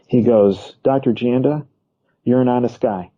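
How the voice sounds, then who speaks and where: A man's voice: mid-range voice, measured pace, highs cut off. A man, a physician, telling a story in an interview and quoting a past conversation line by line. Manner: retells a conversation with many "he goes", quoting dialogue.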